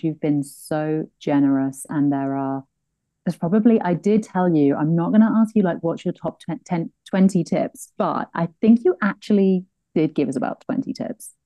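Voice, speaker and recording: A woman's voice: deep voice, normal speed, no room sound. Gushing, chatty woman podcast host. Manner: warm, gushing, chatty, self-deprecating. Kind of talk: casual chat and show outro.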